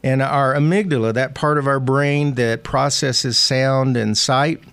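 Gravelly Southern man, chatty host. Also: medium pitch, steady tone, measured pace, a bit bright, no echo. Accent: Southern American. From American South. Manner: chatty, laughs often, folksy asides. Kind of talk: casual interview chat.

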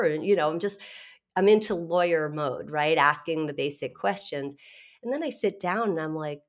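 A middle-aged woman guest in an interview, telling her story candidly and animatedly, with frequent laughs and quick restarts. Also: fairly low pitch, animated.

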